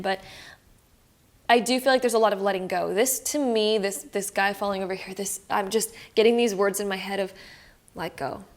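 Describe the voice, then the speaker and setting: A young adult woman from Canada with a Canadian accent, giving a rambling, reassuring tarot card reading to her viewers. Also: medium pitch. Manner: rambling, reassuring, many fillers. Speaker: tarot reader. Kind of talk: casual tarot reading to camera.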